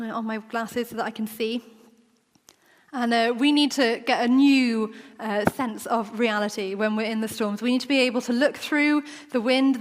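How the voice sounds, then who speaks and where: A woman preaching a sermon in a church, talking in a conversational way and acting out the quoted voices. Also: a little high. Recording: long church reverb.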